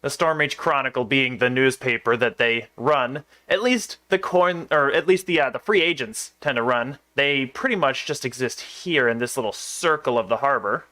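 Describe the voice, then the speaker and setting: A man's voice: mid-range voice, moderate pace, hardly any pauses, sharp tone. A young man giving casual, sarcastic let's play commentary on a game. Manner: sarcastic, wry asides.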